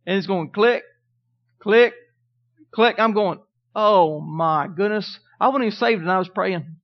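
A middle-aged pastor with a high voice preaches a sermon at a moderate pace, telling stories and calling out "Amen?" to the congregation. The recording is dull and lo-fi.

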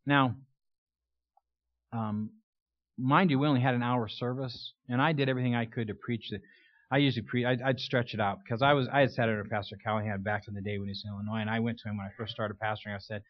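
A man's voice: medium pitch, fairly even intonation, fast, no room sound. An older man preaching a conversational sermon in a church, telling stories with folksy humor. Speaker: guest preacher. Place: church sanctuary. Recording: dull, lo-fi dry sound.

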